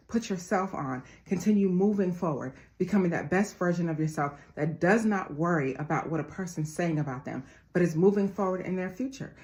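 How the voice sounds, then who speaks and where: Calling her audience family and repeating phrases as she preaches, a motivational speaker in her forties delivers her talk. She has a lowish, slightly mellow voice.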